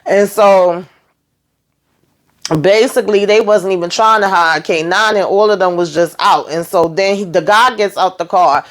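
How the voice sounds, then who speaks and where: A woman's voice: medium pitch, normal speed. A woman vlogger giving a casual, sassy episode recap, chatty and swearing freely.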